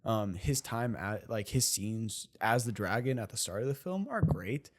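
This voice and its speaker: A man's voice: fairly low pitch, lively intonation, moderate pace. Chatty, enthusiastic male podcast co-host. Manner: enthusiastic, rambling, many fillers and laughs. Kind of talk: casual movie review chat.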